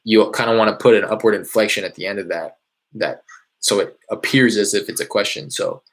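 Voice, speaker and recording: A man casually explaining how he makes cold calls, in a loose, rambling way with many fillers, from a small warm room. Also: lowish voice, moderate pace. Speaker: real estate wholesaler teaching cold calling. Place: small hot indoor room.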